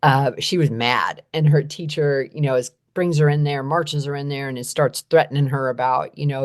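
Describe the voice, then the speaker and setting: Woman from the US, low voice, earnest conversational storyteller on a podcast. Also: moderate pace, few pauses. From United States. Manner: earnest, repeats phrases, frequent "right?". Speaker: guest advocate on trauma and poverty.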